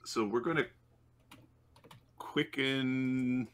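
A man running a tabletop game as game master, unhurried and thinking aloud with many fillers. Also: medium pitch, fairly even intonation, a bit bright, slight background noise.

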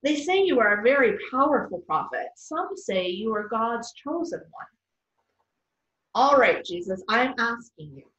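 A woman's voice: on the high side, sing-song, unhurried. Woman doing a fierce, desperate mother. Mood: pleading. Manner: forceful, pleading. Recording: distant, roomy, dull sound.

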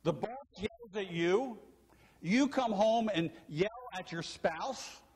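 Slow and high, with a breathy edge, this older man's voice carries through a church sanctuary with long reverb. He's a pastor preaching a sermon, animatedly telling stories and asking his congregation questions.

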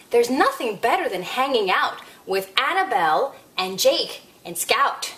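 A woman hosting a children's story time, reading a picture book aloud in an expressive, sing-song way with playful asides. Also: fairly high pitch, unhurried, few pauses.

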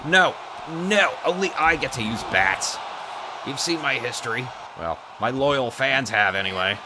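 Male gaming YouTuber, animated pitch, foul-mouthed trash talk, noisy background. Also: measured pace. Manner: profane trash-talking, excited outbursts. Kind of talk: comedic gameplay commentary.

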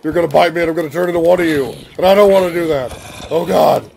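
A man's voice: a little high, fast talker, gravelly, darkish tone, a little hiss or hum. A young man hosting a silly comedic game playthrough, babbling in baby talk and rhyming nonsense words as he plays. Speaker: gaming video host. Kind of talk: silly comedic let's-play commentary.

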